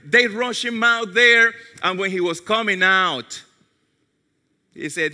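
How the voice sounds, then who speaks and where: A male pastor preaching a sermon, telling a story and dropping softly into quoted prayers. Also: high voice, slow pace. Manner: storytelling, drops to soft tones for quoted prayers. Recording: long hall reverb.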